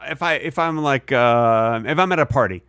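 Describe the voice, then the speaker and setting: Deadpan man bantering absurdly. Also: mid-range voice, normal speed, clear, resonant tone, dry recording, clean studio sound. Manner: deadpan, absurd, acts out voices in quotes. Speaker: podcast co-host.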